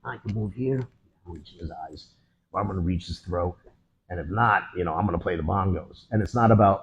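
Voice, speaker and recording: A husky-voiced man leads a hands-on martial arts lesson at a training camp. He talks his students through each move in short, punchy bursts and adds sound effects as he goes. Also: lowish voice, expressive, moderate pace, dull audio. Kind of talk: hands-on technique demonstration.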